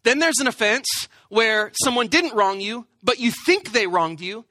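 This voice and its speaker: High bright-voiced male preacher. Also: normal speed, dry recording. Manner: self-deprecating, humorous storytelling. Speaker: pastor. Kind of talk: storytelling sermon.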